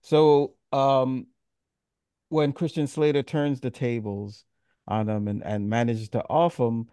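A man's voice: mid-range voice, warm tone, no room sound, studio quality. A man hosting a casual movie review podcast, recapping scenes with fillers and laughs. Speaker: podcast host.

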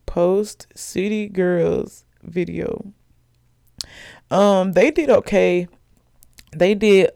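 A woman's voice: fairly low pitch, gravelly, darkish tone, smooth, no echo, studio quality. A young woman hosting a podcast in casual chat, gossipy and chatty, laughing often. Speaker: podcast host.

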